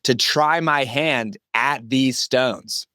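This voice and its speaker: A man's voice: mid-range voice, takes it slowly, pushed and bright, clear, resonant tone, no echo. Emphatic man in his thirties, dry sound. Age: 30s. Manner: enthusiastic, emphatic, slangy. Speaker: podcast guest. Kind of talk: casual interview chat.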